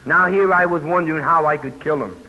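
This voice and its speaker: A man's voice: a little high, brisk, pushed and bright. An older man, speaking at a recovery convention and telling his story in a plainspoken way with folksy asides. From New York. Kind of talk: personal testimony talk. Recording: muffled old tape with hiss.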